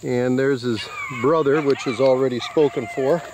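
A dog breeder films outdoors with a handheld camera in a yard by a quail coop, casually narrating with proud, fond remarks about his puppies. His mid-range voice is steady at a moderate pace, and crickets and insects fill the background.

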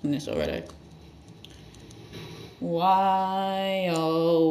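A gaming channel host giving rambling let's-play commentary with sudden loud outbursts. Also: mid-range voice, slow, gravelly, long pauses, a little hiss or hum.

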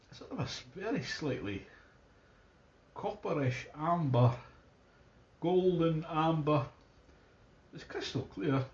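A man's voice: fairly high pitch, lo-fi sound, a little hiss or hum. A man with a Scottish accent giving a casual, enthusiastic beer tasting review, thinking aloud as he goes. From Scotland.

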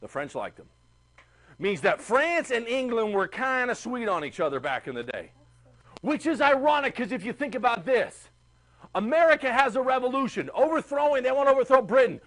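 A man teaching a history class, chatty and animated, asking the class questions. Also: extremely high pitch, moderate pace. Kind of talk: classroom lecture.

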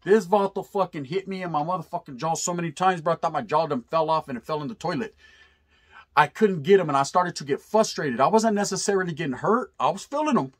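Husky-voiced man telling a rough story. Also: on the high side, fast. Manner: animated, profane, heavy street slang. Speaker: storyteller vlogger. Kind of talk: casual storytelling.

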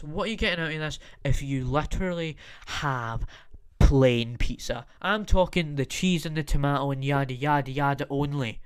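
A young man on a comedy podcast rants theatrically, looping phrases over and over for effect. His voice is crisp and smooth and sits a little high for a man, and the recording is dry and close. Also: no room sound. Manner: exaggerated, repetitive, theatrical ranting. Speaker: podcast host. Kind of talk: comedic rant.

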